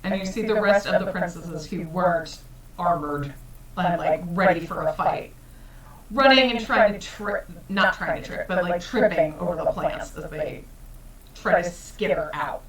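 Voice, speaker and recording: A woman's voice: on the low side, measured pace, roomy sound, distant mic, rough recording. A woman running a tabletop game as game master, describing scenes in a laid-back way.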